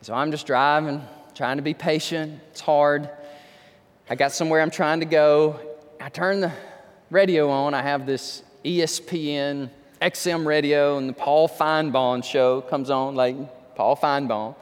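A man's voice: a little high, fairly even intonation, a little slow, smooth, big-room sound. A man preaching a sermon, talking conversationally and building to impassioned pleading. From Texas. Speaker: pastor.

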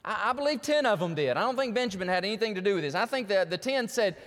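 A man's voice: sits high, sing-song, fast, a bit bright, big-room sound. A man preaching a sermon as pastor, telling stories animatedly and acting out the voices of the people in them.

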